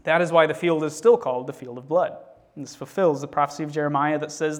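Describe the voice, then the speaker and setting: Speaking fast with fairly even intonation and a fairly high pitch, a man reads scripture with expression and then teaches on it off the cuff, often restarting and using fillers.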